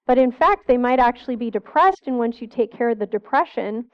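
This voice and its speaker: Woman, middle-aged, therapist, church seminar talk, earnest, asks the audience questions, smooth voice, lo-fi sound. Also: a little high, lively intonation, brisk.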